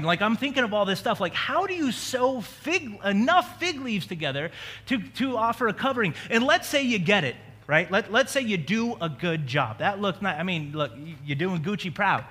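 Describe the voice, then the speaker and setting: A man's voice: sits high, sharp tone. A man preaching a sermon as a pastor, talking in a conversational way with joking asides. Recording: long reverb of a large hall.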